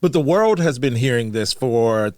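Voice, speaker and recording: A man's voice: medium pitch, moderate pace, no echo. A man in his forties hosting a casual podcast in a small studio, rambling and laughing as he talks. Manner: lively, rambling, laughs often. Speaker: podcast host. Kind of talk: casual chat. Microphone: studio mic.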